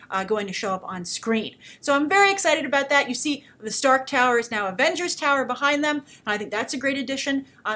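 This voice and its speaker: A woman's voice: fairly high pitch, a bit bright. A woman hosting a movie news show, giving chatty, enthusiastic fan opinions. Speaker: host.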